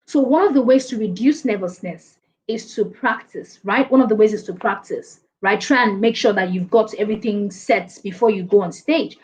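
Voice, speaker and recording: A woman giving speaking advice as a guest in a casual online interview, lively and playful, often laughing. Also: mid-range voice, normal speed, low-quality recording. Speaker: guest speaker, presentation coach.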